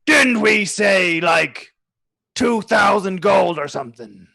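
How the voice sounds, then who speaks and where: A game master voicing a boisterous, greedy male pirate boss who growls and shouts his lines. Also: medium pitch, expressive, slow, creaky, no room sound, clean studio sound, full character voice. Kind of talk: tabletop role-play character voice.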